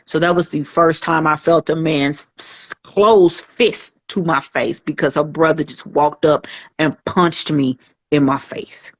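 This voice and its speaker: A woman's voice: low voice, fairly even intonation, unhurried. Woman telling her life story. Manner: earnest storytelling, acts out quoted voices. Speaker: guest. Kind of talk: personal testimony in a podcast interview.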